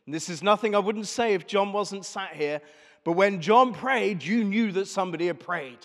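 A man's voice: high-pitched, moderate pace, a bit bright, long reverb tail. A man preaching a sermon in church, talking in a conversational way and putting questions to the congregation. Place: church service.

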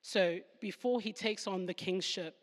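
A woman's voice: medium pitch, measured pace. A woman with a Southern African accent leads a devotional Bible talk. She explains the verses with humorous asides and laughs at herself now and then. Her mid-range voice rings with a long hall reverb. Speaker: Bible teacher.

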